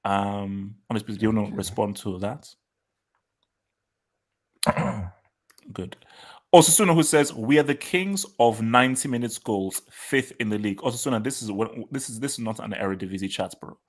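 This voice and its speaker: A man's voice: on the low side, moderate pace, long pauses. Laughing man reading chat comments. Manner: reads out chat comments, laughs often, repeats himself. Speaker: host. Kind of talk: casual live-stream chat.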